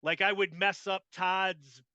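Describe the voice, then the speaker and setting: Male host, casual chat, rambling, crisp dry sound, very bright tone. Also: high voice, flat delivery, slow, dry recording, dull audio. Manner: rambling, full of "like" and restarts. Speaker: podcast host.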